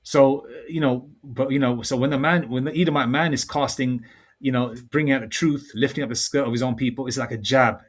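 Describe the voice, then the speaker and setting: A man talks through a scripture teaching in a loose, rambling way and keeps circling back with fillers. His pitch sits in a middle range. When he quotes verses, he slows right down and reads with weight. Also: fairly even intonation, husky. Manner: rambling and conversational, full of fillers; reads verses slowly and deliberately. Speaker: religious teacher. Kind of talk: informal scripture teaching monologue.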